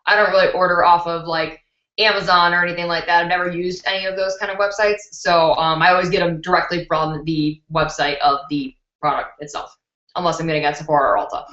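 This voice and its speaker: A young woman hosts a beauty channel live stream from home, chatting candidly, laughing easily and answering viewer questions. Her voice sits on the low side with a flat delivery, a slightly fast pace and a fairly bright tone. The built-in laptop mic makes the recording sound dull and roomy.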